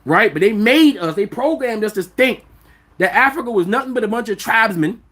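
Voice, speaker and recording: A man's voice: sits high, fairly quick. An outspoken man hosts a livestream and riffs loosely and bluntly, with plenty of swearing. He keeps turning to his viewers with rhetorical questions and builds his points with heat. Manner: animated, profane, rhetorical questions. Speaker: vlog host. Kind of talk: livestream commentary.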